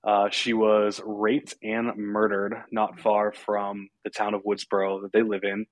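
Low-voiced man hosting a podcast. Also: a little slow, dry recording. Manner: relaxed, recaps plot with fillers and chuckles. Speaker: podcast host. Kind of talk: casual film discussion.

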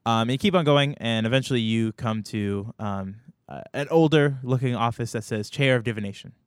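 A man's voice: medium pitch, brisk, clean tone, no room sound, studio quality. A man narrating as game master, hesitant and full of ums and restarts.

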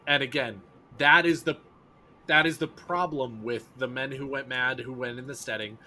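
A man's voice: mid-range voice, normal speed, bright, forceful tone, a little hiss or hum. A man co-hosting a podcast, talking in an emphatic, opinionated casual chat. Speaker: podcast co-host.

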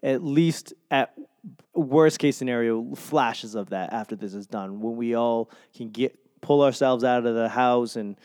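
A man in his twenties hosts his podcast alone, wandering through his thoughts in a sentimental, self-mocking way and swearing freely. His voice is smooth and clear at a middling pitch. It is recorded close and completely dry. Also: unhurried, a little mellow, dry recording. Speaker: podcast host. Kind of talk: solo podcast monologue.

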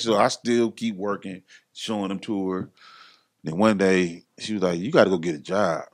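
A middle-aged man telling his story casually as a podcast guest, acting out other people's lines in a raised voice. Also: normal speed. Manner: animated, acts out others' lines in a higher voice.

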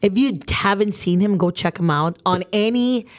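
A woman's voice: medium pitch, moderate pace. A woman co-hosting a podcast in casual chat, sassy and teasing, with casual swearing. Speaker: podcast co-host.

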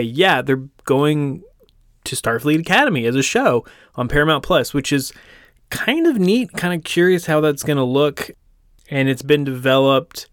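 A man's voice: medium pitch, dry recording, clean studio sound. A man from the United States hosting a podcast in a casual, rambling way, with self-deprecating jokes and lots of fillers. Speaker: podcast host.

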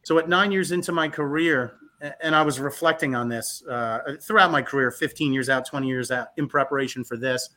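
Guest, man in his fifties, animated storyteller, brightly toned voice that trips over its own words. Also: mid-range voice, fairly quick. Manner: animated, with frequent restarts and repeated words. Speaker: guest, physical therapist. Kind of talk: casual interview storytelling.

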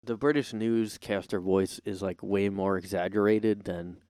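A fairly low, smooth-voiced man chats alone into his streaming mic, wandering off topic with fillers and jokes at his own expense. The sound is dry and close, with no room echo at all. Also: fairly even intonation, unhurried, darkish tone. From United States. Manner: rambling, joking, self-deprecating, many fillers. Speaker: podcast host. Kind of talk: casual rambling solo chat. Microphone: streaming setup microphone.

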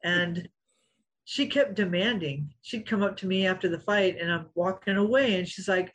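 A woman's voice: mid-range voice, moderate pace, rough recording. A middle-aged woman, a former fighter, telling stories in an interview, acting out quotes and laughing often. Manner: animated storyteller, acts out quotes, laughs often. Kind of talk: storytelling interview.

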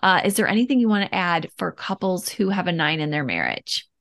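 A woman hosts a casual podcast interview, her voice sitting a little low. She affirms her guest and keeps the talk going with steady, encouraging responses. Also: fairly quick. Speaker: podcast host.

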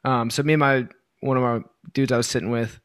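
A man co-hosting a podcast in loose, rambling casual chat full of fillers and swearing, his voice worn from yelling. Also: medium pitch, fairly even intonation, fairly quick, clean tone, dry recording, clean studio sound. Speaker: podcast co-host.

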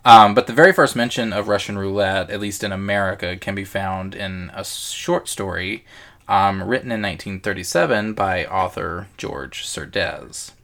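A man's voice: low voice, moderate pace, a bit bright. A man co-hosting a podcast in casual chat, hesitant with many fillers and restarts, swearing freely. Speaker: podcast co-host.

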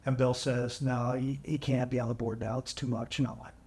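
A man guest on a podcast, telling an emotional personal story in an earnest, halting way with frequent restarts. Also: mid-range voice, flat delivery, darkish tone. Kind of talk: candid storytelling. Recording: echoey room, AI-salvaged audio.

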